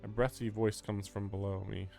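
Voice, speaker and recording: A man's voice: fairly low pitch, flat delivery, normal speed, creaky, dark tone, soft background music. A man streaming a visual novel, reading its text aloud and breaking off into wry, chatty commentary.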